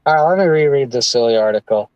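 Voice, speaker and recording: A man's voice: mid-range voice, fast talker, a little mellow, smooth, dry recording, highs cut off. A man co-hosting a livestream in casual, opinionated chat. He talks bluntly and sarcastically, and often restarts his sentences. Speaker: livestream co-host.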